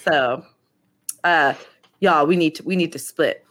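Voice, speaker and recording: A woman's voice: sits low, measured pace. A woman playing a tabletop game, speaking casually and playfully, often slipping into her character's voice. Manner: lively, playful, jumps into character. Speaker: player. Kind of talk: casual tabletop role-play.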